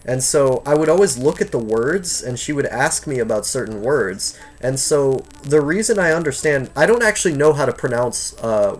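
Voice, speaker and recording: Rambling young man streaming. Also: medium pitch. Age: 20s. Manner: meandering, many fillers and restarts, reads chat aloud. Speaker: live streamer reading chat. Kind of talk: casual rambling stream chat. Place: at home.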